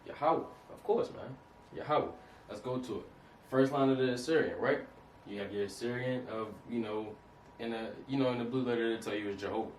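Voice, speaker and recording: A man's voice: medium pitch, a little fast. Man teaching in a roomy, distant recording. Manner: repetitive, keeps asking "you understand that?"; casual, street-style phrasing. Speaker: Hebrew teacher. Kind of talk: informal lesson over slides. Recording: roomy, distant mic, faint noise.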